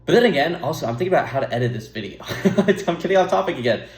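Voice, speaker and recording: A man's voice: fairly high pitch, lively intonation, fast. Rambling young man in an echoey room. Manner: rambling, self-interrupting, laughs at himself. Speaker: YouTuber giving advice. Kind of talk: rambling casual monologue to camera.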